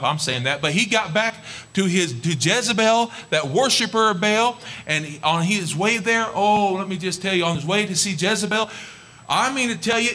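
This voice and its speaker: A man's voice: high-pitched, sharp tone. A man preaching a sermon, retelling a scripture story in an emphatic, conversational way.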